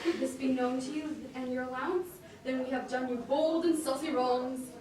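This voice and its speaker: A woman playing an anxious lovesick young gentleman in an amateur Shakespeare reading, pleading earnestly and politely, recorded in an echoey room from a distance. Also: high-pitched, steady tone, normal speed, lightly acted. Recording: echoey room picked up from afar.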